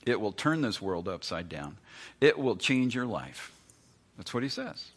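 A man's voice: lowish voice, very animated, a little slow, slightly rough. A man preaching a sermon as pastor, in a conversational, emphatic way full of rhetorical questions.

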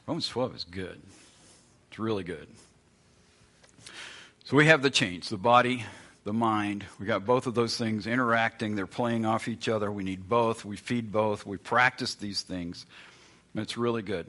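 Bright, forceful male preacher. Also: lowish voice, a little slow, long pauses. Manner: conversational and emphatic, with rhetorical questions. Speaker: pastor. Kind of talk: sermon.

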